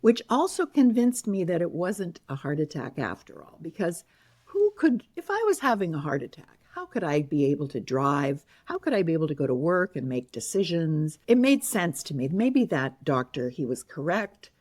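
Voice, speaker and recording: Older lady, low voice, tells her story with lots of life and little laughs. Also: moderate pace. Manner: animated storytelling with laughs, acting out quotes. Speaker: guest, heart attack survivor and author. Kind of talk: conversational storytelling interview.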